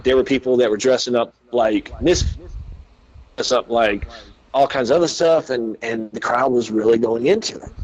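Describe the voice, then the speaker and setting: A man's voice: medium pitch, highs cut off. Southern man rambling about his career. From American South. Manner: rambling, frequent "uh" and "like", quotes others in dialogue. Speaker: professional wrestler guest. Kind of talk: casual storytelling interview.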